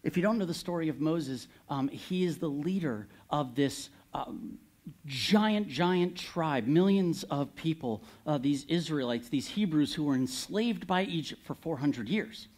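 A man preaching a sermon, candid and animated, retelling a Bible story with occasional laughs. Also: fairly high pitch, a little slow.

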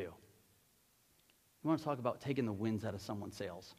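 Male pastor, emphatic sermon delivery, pitch swooping widely, church reverb trailing behind. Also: moderate pace, pauses often, breathy edge. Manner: animated preaching with rhetorical questions to the congregation. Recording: long hall reverb.

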